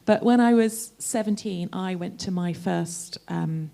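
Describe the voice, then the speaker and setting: A woman in the audience at a book festival, a novelist, speaking in an emotional, halting, gushing way. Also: on the low side, vocal fry, mellow. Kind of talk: audience comment at a live talk.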